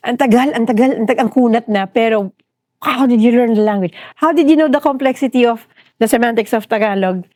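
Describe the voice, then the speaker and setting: A middle-aged Filipino woman, a therapist talking in a relaxed podcast interview with a Filipino accent, animated and expressive. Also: on the high side, fast, dry recording, clean studio sound. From Philippines. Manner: animated, switches between English and Tagalog. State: grieving. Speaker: trauma therapist guest.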